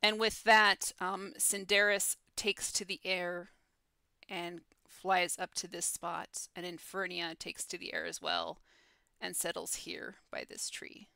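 A woman narrating a tabletop game as game master, with animated descriptive delivery over an online call. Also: fairly low pitch, slow pace, vocal fry, smooth, dry recording.

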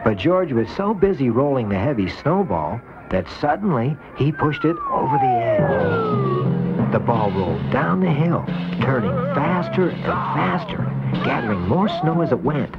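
A man narrating a children's storybook cartoon with an expressive reading, on a dull lo-fi VHS tape. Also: on the high side, a little slow, over loud music.

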